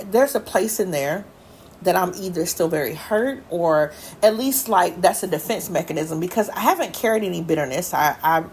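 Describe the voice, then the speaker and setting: A woman with a lowish voice hosts a heartfelt podcast. She talks earnestly and circles back on her words as she tells her story. A faint hiss sits under the recording. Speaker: podcast host. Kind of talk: personal faith-based talk.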